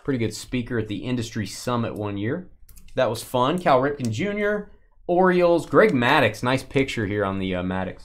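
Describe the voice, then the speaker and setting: A man in the middle of a live card break, chatting loosely with his co-host. He calls out each card as it comes, jumping up in pitch when something good lands. His voice swings around a lot. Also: normal speed. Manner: bantering, calls out cards with bursts of excitement.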